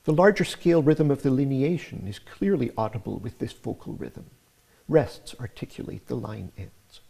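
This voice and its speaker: Gravelly, mellow-voiced male lecturer. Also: mid-range voice. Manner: measured, explanatory. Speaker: music lecturer. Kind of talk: scripted academic narration.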